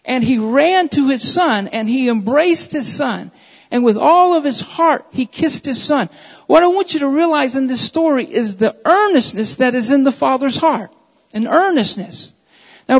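A very high-pitched man delivering a sermon, pressing each point with repeated emphatic phrases. His voice rings out with a long reverb through a church sanctuary. The audio is dull and muffled. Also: lively intonation, normal speed. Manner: emphatic, repetitive preaching cadence. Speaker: preacher.

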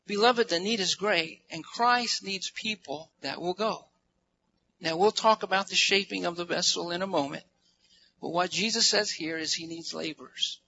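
Pastor, male, high gravelly voice, earnest sermon delivery, slightly dull recording. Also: moderate pace, pushed and bright, a little hiss or hum. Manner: earnest preaching, building to emphatic peaks.

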